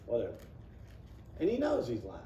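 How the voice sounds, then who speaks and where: A man's voice: on the high side, animated, moderate pace, mellow, slight background noise. A man teaching an informal Bible class in a church room, reading scripture and acting out the people he quotes. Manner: folksy, acts out the people he quotes; reads scripture aloud, then explains it. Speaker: Sunday school teacher. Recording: roomy, distant, dull room recording.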